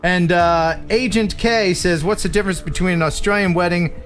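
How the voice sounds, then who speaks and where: Jokey American male stream host with a higher voice, over faint music. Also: normal speed, fairly bright tone. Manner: jokey, laughs often, reads out viewer jokes. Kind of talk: casual live-stream chat.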